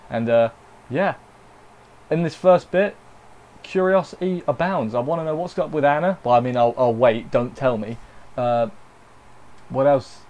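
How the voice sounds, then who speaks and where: A man's voice: fairly high pitch, darkish tone. A man giving a casual, unscripted anime review, rambling with jokey asides and correcting himself as he goes.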